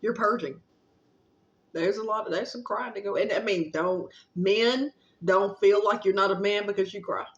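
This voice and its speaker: A woman vlogger giving a casual, rambling spiritual pep talk, gently encouraging and affectionate, with plenty of fillers and a little casual swearing. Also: mid-range voice, normal speed. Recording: roomy, slightly dull recording.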